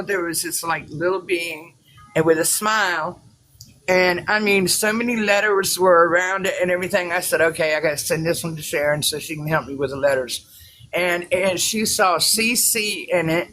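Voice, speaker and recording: A woman's voice: fairly low pitch, fairly bright tone, poor audio. Rambling, emotional woman. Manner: rambling, emotional, many fillers and restarts. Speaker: class participant. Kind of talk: casual chat on a group call.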